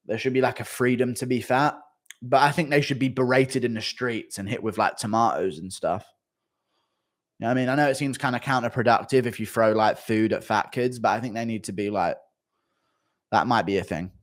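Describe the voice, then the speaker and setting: A man's voice: mid-range voice, a little fast. Laughing, crude male streamer. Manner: crude, laughs often, swears freely. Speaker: streamer reading donations. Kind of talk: casual livestream chat.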